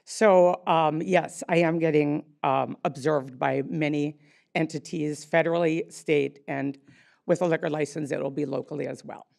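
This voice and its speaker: A woman's voice: low voice, fairly even intonation, moderate pace, gravelly, darkish tone. A woman in her sixties, a wine bar owner speaking unprepared at a public meeting, rambling with many fillers and restarts. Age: 60s.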